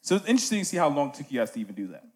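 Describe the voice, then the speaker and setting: A man's voice: mid-range voice, sing-song, rapid-fire, darkish tone. A man hosting a casual music podcast, talking animatedly and checking in with "right?" asides.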